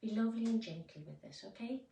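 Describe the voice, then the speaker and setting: A woman leading a guided movement class, speaking gently and soothingly, with sudden loud playful roars. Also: fairly high pitch, lively intonation, fast, gravelly. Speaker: movement and wellbeing instructor. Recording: roomy echo, voice from some distance.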